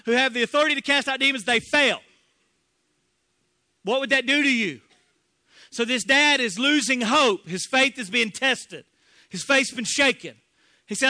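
A man's voice: very high-pitched, moderate pace, bright, forceful tone, dry recording. A pastor in his thirties preaching a sermon, impassioned and acting out the voices of the people in the story. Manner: impassioned, acts out quoted voices.

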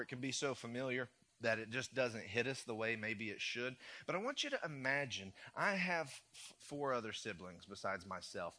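A man's voice: medium pitch, sharp tone. A man preaching a sermon, retelling a story in a casual, conversational way with playful asides. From United States. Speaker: pastor.

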